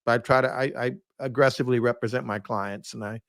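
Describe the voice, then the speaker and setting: A man's voice: mid-range voice, fairly even intonation, a bit bright, no room sound. Earnest man, dry close sound. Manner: measured, earnest, hesitant restarts. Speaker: defense attorney guest. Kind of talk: guest commentary on a podcast.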